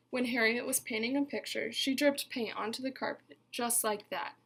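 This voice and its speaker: Expressive teacher with a gravelly voice. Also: female voice, a little high. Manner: bright, expressive storytelling with questions to children. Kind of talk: reading a picture book aloud to a class.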